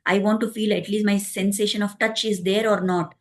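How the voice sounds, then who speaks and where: A man's voice: high voice, little pitch movement, fairly quick, a bit bright. A woman voicing a grieving old male king who pleads sorrowfully in a told story. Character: grieving aged male king, failing sight.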